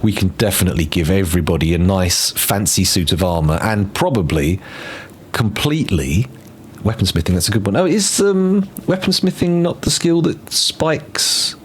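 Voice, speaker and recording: A man's voice: sits low, animated, moderate pace. A man streaming a game in casual commentary, rambling and joking to himself as he plans, speaking into a desk microphone. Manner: rambling, playful, mutters to himself while planning.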